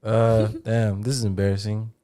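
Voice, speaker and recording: A man's voice: lowish voice, level tone, normal speed, warm tone. A man co-hosting a casual podcast, easygoing and curious, asking his friends questions. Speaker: co-host.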